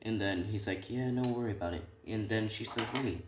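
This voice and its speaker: A man's voice: on the low side, brisk, roomy sound. A young man casually making up and retelling a fan story, rambling with many restarts and asides. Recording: faint background noise.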